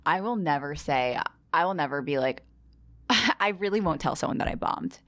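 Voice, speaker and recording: A woman's voice: deep voice, expressive, normal speed, dry recording. A woman comedian hosting a podcast, talking frankly and encouragingly in casual chat, with casual swearing.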